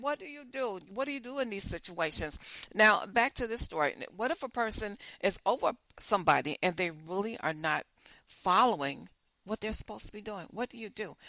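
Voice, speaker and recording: Talk show host, woman, bright and rambling, repeats herself a lot. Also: mid-range voice, no echo, poor audio. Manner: repetitive, questioning, rambling with many restarts. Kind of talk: casual talk show monologue.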